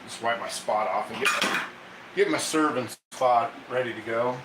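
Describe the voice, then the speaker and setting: A man's voice: mid-range voice, moderate pace, roomy sound, very noisy. A man hosting a casual cooking stream, chatty and laughing often as he coaxes his dog through tricks. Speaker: cooking channel host. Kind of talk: casual live cooking chat.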